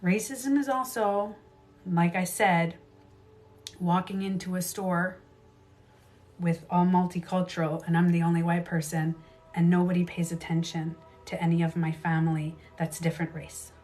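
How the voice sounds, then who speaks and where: A woman's voice: on the low side, fairly even intonation, moderate pace, a little mellow, soft background music. A woman hosting a casual livestream who talks emphatically, repeats her phrases and swears freely. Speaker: livestream host and beauty coach. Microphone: livestream camera mic.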